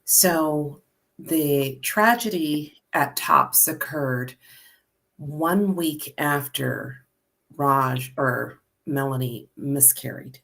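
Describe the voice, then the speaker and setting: A woman interviewing an author and asking her question slowly and haltingly. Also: low voice, creaky, fairly bright tone.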